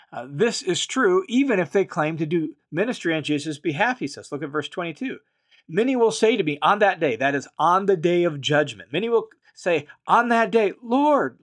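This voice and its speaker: This male Bible teacher, whose voice sits a bit above typical pitch and sounds fairly bright, goes through the text one verse at a time. Patient explanations are followed by plainer restatements, and he stresses the most important phrases with real emphasis.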